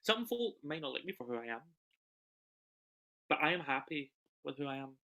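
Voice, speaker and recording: A young British man performing an emotional autobiographical stage monologue over a video call, swinging between loud bursts and hushed lines. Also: fairly high pitch, sing-song, moderate pace, creaky. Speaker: solo performer.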